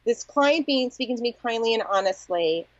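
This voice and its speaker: A woman's voice: on the high side, animated, moderate pace, dry recording. A woman agency founder talking candidly and reflectively as an interview guest, often saying "like" and "you know". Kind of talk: conversational interview. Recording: dull dry audio.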